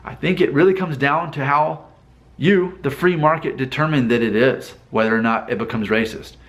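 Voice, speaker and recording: A man's voice: mid-range voice, normal speed. A man talking casually to camera in a vlog, thinking aloud with rhetorical questions and restarts. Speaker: vlogger. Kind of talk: casual talking-head commentary.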